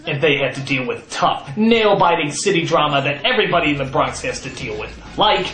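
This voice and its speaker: A man hosting a comedy review, sarcastic and prone to exaggerated, shouted outbursts. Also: a little high, expressive, brisk. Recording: echoey voice over music.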